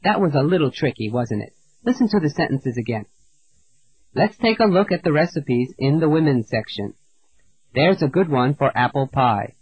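A man teaching an English lesson, reading out words and example sentences slowly and clearly, pausing for the learner to repeat. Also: fairly high pitch, lively intonation, darkish tone. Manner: slow, clear, deliberate drilling with pauses. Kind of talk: scripted language lesson narration. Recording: dull dry lo-fi audio.

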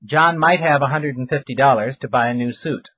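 A man reading example sentences for a recorded language course in a clear, measured way. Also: medium pitch, fairly bright tone, no echo. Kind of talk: recorded pronunciation drill.

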